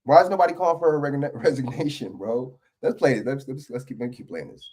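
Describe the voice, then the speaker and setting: A man's voice: mid-range voice, fast, darkish tone. A man giving heated, profane reaction commentary on a political video clip.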